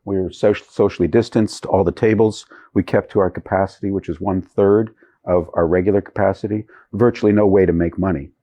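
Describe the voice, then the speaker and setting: A man's voice: low-pitched, fairly even intonation, fairly quick, dark tone, highs cut off. A man who runs a comedy club, speaking earnestly in an interview at his club. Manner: earnest, matter-of-fact. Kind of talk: documentary interview. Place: comedy club behind plexiglass.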